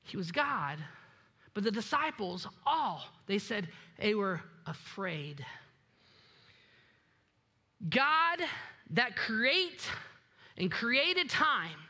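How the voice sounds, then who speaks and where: A pastor preaching a sermon in a lively way, acting out quoted voices and dropping low and quiet for emphasis. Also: very slow, pauses often. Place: church sanctuary.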